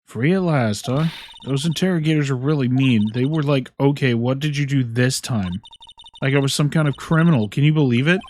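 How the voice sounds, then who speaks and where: A man's voice: mid-range voice, brisk, darkish tone, a little hiss or hum, natural voice. A man voicing a cheerful teenage girl spirit medium, eager and chirpy.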